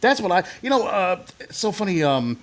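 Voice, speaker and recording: A man's voice: sits high, big pitch swings, moderate pace. Guy co-hosting a chill podcast, keeps restarting his sentences. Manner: rambling, lots of restarts and fillers. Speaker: podcast co-host. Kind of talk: casual chat.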